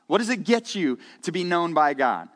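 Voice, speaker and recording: A man's voice: on the high side, big pitch swings, normal speed, a bit bright, long reverb tail. A man preaching a conversational sermon in a church, earnest and candid, often repeating words as he goes. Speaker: pastor. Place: church sanctuary.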